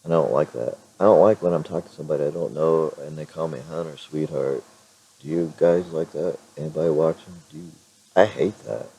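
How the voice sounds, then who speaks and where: A middle-aged man chatting in a casual vlog with a hoarse, raspy voice, rambling with many fillers and restarts. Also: very deep voice, brisk, warm tone, low-quality recording. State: clears throat now and then. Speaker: vlogger.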